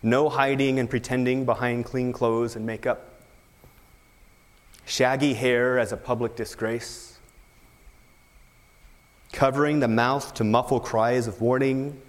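A man's voice: medium pitch, flat delivery, slow pace, long pauses, in a large hall. A man preaching a sermon, emphatic, with rhetorical questions. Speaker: pastor.

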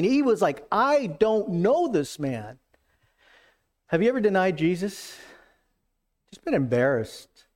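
Earnest, emphatic male preacher. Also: darkish tone. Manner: acts out quoted lines with shifting pitch and pace. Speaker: pastor. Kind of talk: sermon.

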